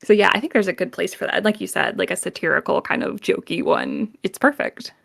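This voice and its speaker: A woman's voice: medium pitch, expressive, a little fast, vocal fry, no room sound, clean studio sound. A woman voice actor chatting casually as a guest, explaining with examples and laughing easily. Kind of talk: casual chat.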